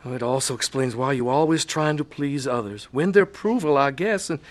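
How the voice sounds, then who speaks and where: A man playing a gentle, concerned husband who reassures his wife. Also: medium pitch, expressive, brisk, close to an everyday voice. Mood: tender. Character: gentle, supportive middle-aged husband. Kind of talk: radio-style drama acting.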